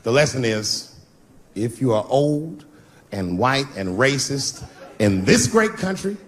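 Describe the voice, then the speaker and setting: A man in his fifties doing a stand-up routine on stage, swinging from loud bursts to low mutters. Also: big pitch swings, slow pace. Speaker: stand-up comedian. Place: stage before a live audience. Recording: live show with loud crowd noise. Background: audience laughter.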